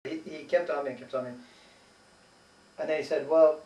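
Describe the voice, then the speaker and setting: A man's voice: a little high, steady tone, normal speed, darkish tone. American man recounting a story, distant mic. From United States. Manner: retells arguments, hesitant restarts. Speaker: interviewee. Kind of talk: casual conversational storytelling. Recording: roomy distant mic with faint ambient noise.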